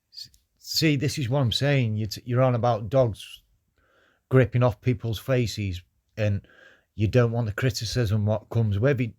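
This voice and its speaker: A man's voice: fairly low pitch, darkish tone. A man on a live stream earnestly and repetitively giving his opinion.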